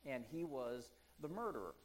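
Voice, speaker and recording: A man preaching a conversational sermon, chatty and full of ums and asides, who slows down to read scripture aloud. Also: mid-range voice, big pitch swings, poor audio.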